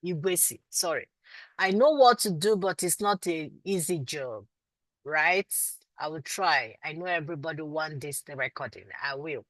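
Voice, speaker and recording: A Nigerian woman with a lowish voice leads a live online class, calling her students sweetie and my love. She is warm toward them but firm that they must do their assignments. Her voice sounds dry and close, with no room echo. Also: expressive, normal speed. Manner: firm, insistent teacher. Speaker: instructor.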